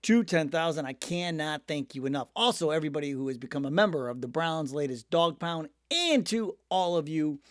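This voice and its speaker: A man's voice: fairly high pitch, brisk, hardly any pauses, dry recording, clean studio sound. A middle-aged man hosting a sports show, a little sick, talking in a jokey, rambling way and laughing at himself. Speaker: sports podcast host. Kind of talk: casual sports chat.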